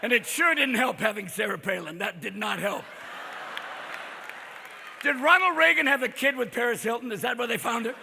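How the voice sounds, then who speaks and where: A man doing a live stand-up set, manic and profane, jumping in and out of quick impressions. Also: very high-pitched, animated, creaky, sharp tone. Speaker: stand-up comedian. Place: on stage before a live audience. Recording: live crowd laughter, noisy hall.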